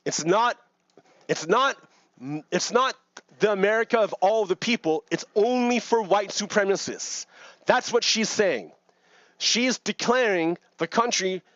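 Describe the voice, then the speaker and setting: A man's voice: sits high, expressive, normal speed, fairly bright tone, dry recording, highs cut off. A man giving casual, rambling commentary on news clips, repeating words and laughing between points. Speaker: video commentator.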